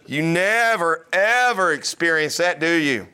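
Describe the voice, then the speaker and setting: A man's voice: a little high, animated, a little slow, bright, forceful tone, smooth. A man preaching a sermon in a conversational, joking way, often putting questions to his listeners. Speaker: pastor.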